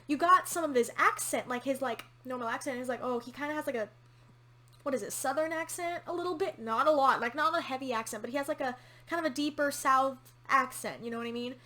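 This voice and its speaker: A woman's voice: sits high, fast talker, bright, forceful tone, slight background noise. A woman hosting a casual TV episode reaction, candid and opinionated, swearing casually as she talks. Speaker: reaction channel host.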